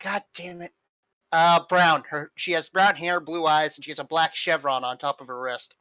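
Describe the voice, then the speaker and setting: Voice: mid-range voice, steady tone, normal speed, sharp tone, no room sound. A player in a tabletop game who talks bluntly and impatiently. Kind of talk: casual tabletop game play.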